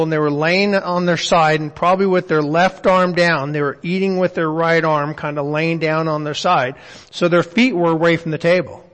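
A man's voice: on the high side, fairly bright tone. Man teaching scripture in a reverberant hall. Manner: conversational, asks the listeners many questions. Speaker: Bible teacher. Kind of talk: Bible study teaching.

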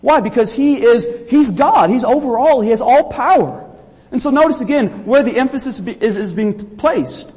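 A man's voice: extremely high pitch, expressive, normal speed, darkish tone, slightly rough, in a large hall. A man from Kentucky, preaching an earnest sermon in a church and often repeating words for emphasis. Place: church sanctuary.

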